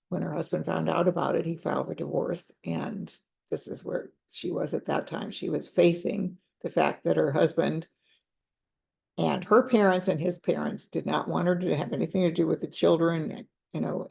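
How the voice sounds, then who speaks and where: Here the older counselor's voice is low and dark, with vocal fry and a breathy edge. Unhurried and reflective, she shares a story from her counseling work as a teacher would, dropping in conversational fillers.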